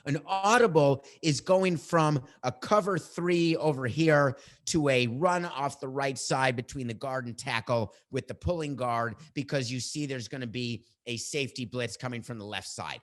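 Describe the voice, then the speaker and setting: A middle-aged man hosting a sports podcast, giving his opinions in a combative, animated way and bantering with his producer. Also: mid-range voice, normal speed, hardly any pauses.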